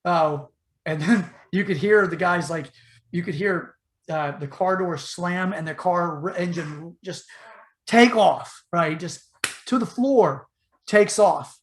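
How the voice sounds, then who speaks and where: A man's voice: high voice, slow. A man telling a long story casually on a podcast, rambling with fillers and acting out the voices. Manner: animated retelling, acts out the voices in his story; loose and rambling, with many fillers and restarts.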